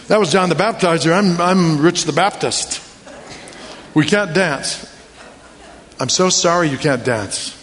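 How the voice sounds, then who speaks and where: Animated preacher man in a reverberant hall. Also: on the high side, measured pace. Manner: animated, humorous, with rhetorical questions. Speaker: pastor. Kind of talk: sermon.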